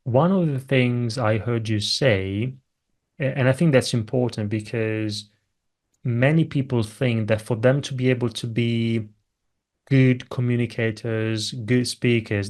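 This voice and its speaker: A man's voice: medium pitch, fairly even intonation, moderate pace, darkish tone. Italian-born man hosting a podcast. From Italy. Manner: thoughtful, hesitant restarts. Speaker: podcast host. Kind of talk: interview questions.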